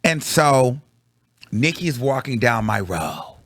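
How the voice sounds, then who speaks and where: A man telling a story to his viewers in slangy, casual chat, swinging from low mutters to high excited bursts. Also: slow, husky, no echo, studio quality. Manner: slangy, calls the audience girl. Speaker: vlogger reviewing a concert.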